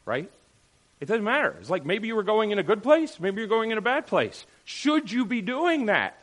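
A man preaching a sermon, animated, firing off rhetorical questions and checking in with "right?". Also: high voice, fairly quick. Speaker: pastor.

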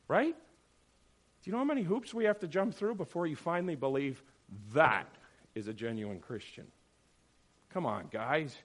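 A man's voice: sits high, animated, moderate pace, a bit bright. A middle-aged man teaching a Bible class, sarcastic and acting out the voices he quotes.

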